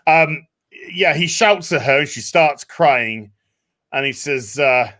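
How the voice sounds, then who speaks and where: A man hosting a casual discussion, animated, acting out quotes. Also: mid-range voice, takes it slowly. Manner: animated, acts out quotes in voices. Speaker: podcast host.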